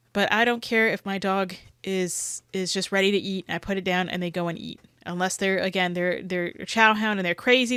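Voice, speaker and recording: Brief: woman dog trainer reacting to a clip, opinionated and rambling, clear voice, dry sound. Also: medium pitch, fairly bright tone, dry recording. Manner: opinionated, rambling, many hedges. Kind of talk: reaction commentary.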